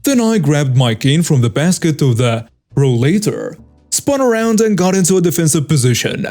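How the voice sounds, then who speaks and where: A man narrating a first-person story in a steady storytelling manner. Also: a little high. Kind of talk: scripted narration.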